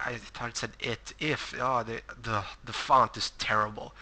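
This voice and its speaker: A man's voice: medium pitch, fairly even intonation, normal speed, hardly any pauses, sharp tone. A man commentating a game playthrough, reading on-screen text aloud and adding wry asides. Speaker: let's play commentator. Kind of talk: gameplay commentary.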